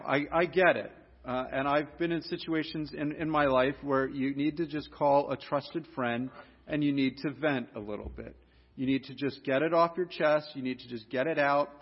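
A man's voice: medium pitch, steady tone, normal speed, husky. Earnest man preaching in a reverberant hall. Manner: earnest, rises to emphatic exhortation with repeated warnings. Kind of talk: sermon. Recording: dull sound with long hall reverb.

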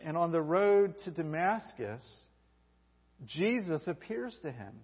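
A man preaching a sermon, telling the story with animated energy and acting out the people he quotes. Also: high-pitched, measured pace, husky. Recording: dull recording with long hall reverb.

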